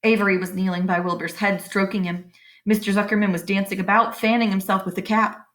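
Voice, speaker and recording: Woman reading a chapter book aloud. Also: mid-range voice. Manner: expressive, pauses to explain to young listeners. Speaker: reader of a children's book.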